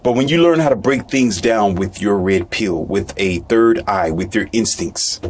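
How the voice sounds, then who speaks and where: A man's voice: on the low side, a little hiss or hum. A man giving casual commentary, reading news aloud with stumbles, asides and a dismissive streak.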